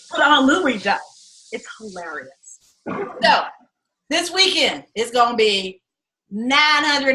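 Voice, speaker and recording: A middle-aged woman coaching a class, talking candidly and with lots of swearing as she tells lively stories and pitches her course. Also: poor audio. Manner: candid and profane, animated storytelling. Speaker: acting and fundraising coach. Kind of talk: casual teaching pitch.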